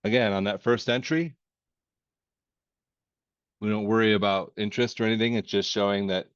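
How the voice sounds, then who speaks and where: Low-voiced, joking accounting instructor. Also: male voice, dry recording. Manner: folksy and joking, with verbal asides. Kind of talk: casual lecture walking through problems. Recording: dry, slightly dull screen-recorded voice.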